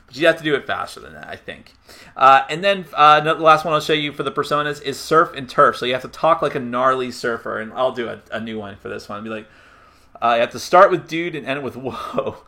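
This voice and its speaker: A man's voice: mid-range voice, expressive, a little fast, bright, forceful tone. A man casually walking through the rules of a party game, chatty and self-mocking. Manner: chatty, self-mocking, laughs at his own slips. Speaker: board game reviewer.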